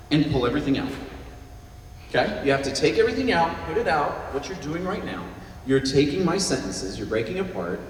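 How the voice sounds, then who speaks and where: Animated man speaking in an echoey hall. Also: fairly high pitch, far from the mic, slight background noise. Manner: animated, joking, acts out quick voices. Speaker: guest speaker. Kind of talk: luncheon talk on listening skills. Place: event hall at a luncheon.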